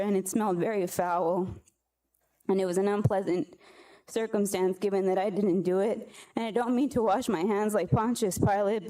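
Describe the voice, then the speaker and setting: Woman public commenter, tearful and earnest, mellow tone, at a podium mic in a council chamber. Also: mid-range voice. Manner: earnest, halting, apologetic. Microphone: podium microphone.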